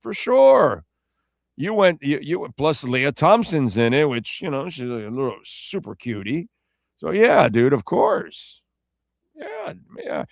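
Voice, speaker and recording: A man's voice: a little high, creaky, no room sound, studio quality. A man hosting a casual talk show, rambling through listener comments and correcting himself as he goes. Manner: rambling and self-correcting, loose and chatty. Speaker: radio show host.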